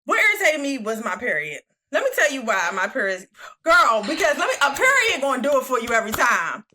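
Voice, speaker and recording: A woman co-hosting a podcast in casual chat, expressive and dramatic, laughing as she tells stories. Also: high voice, a little fast, slight background noise. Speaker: podcast co-host.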